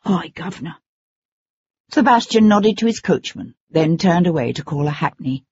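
An audiobook narrator reading in a measured, dramatic way, on a dull lo-fi recording. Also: mid-range voice, lively intonation, a little mellow, slightly rough.

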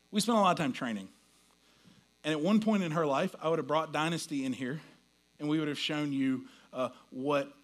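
A pastor delivers a folksy, story-driven sermon, sinking to a hush at times and then rising to loudly deliver quoted lines. His voice is on the high side.

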